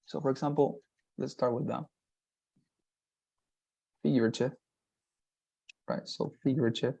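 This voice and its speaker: A man's voice: mid-range voice, fairly even intonation, gravelly, dark tone, slightly rough, muffled recording. Patient man tutoring on a video call. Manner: patient, explains slowly with many fillers and restarts. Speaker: English tutor. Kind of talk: one-on-one online lesson.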